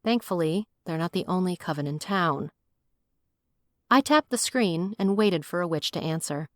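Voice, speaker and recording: A woman's voice: on the low side, lively intonation, normal speed, no room sound, studio quality. Wry woman narrating an audiobook. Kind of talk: scripted first-person audiobook narration.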